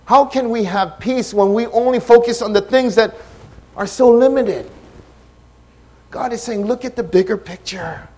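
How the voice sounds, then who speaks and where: A man preaching a sermon as pastor, impassioned, shifting between hushed and loud delivery. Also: very high-pitched, unhurried.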